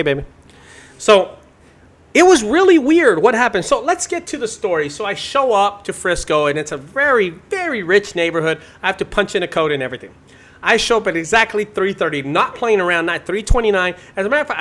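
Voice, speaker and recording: Young man, casual storytelling, lively swooping pitch, dramatic loud bursts, fairly high voice. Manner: animated, dramatic retelling with sudden loud bursts. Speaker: junk removal business owner.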